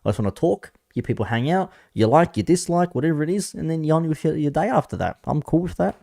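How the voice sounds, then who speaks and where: A man's voice: on the high side, expressive, fast, creaky, mellow, no echo, clean studio sound. A man talking casually on a live stream, rambling about online chat moderation and swearing freely. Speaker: commentary streamer.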